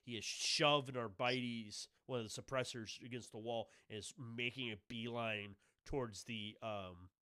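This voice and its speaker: A man narrating a tabletop game as game master, talking in a halting way with many restarts. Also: mid-range voice, bright, forceful tone, smooth, no room sound, studio quality. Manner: halting, full of fillers and restarts.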